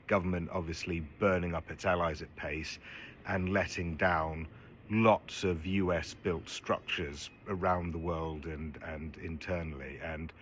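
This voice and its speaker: A man speaking directly to camera, asking viewers calm, earnest questions. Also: low voice, a little hiss or hum.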